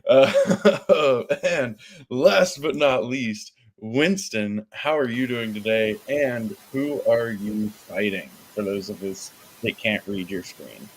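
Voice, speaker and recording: A man's voice: mid-range voice, slow, slight background noise. A man hosting a casual online question-and-answer chat, upbeat and teasing his guests. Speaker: AMA host.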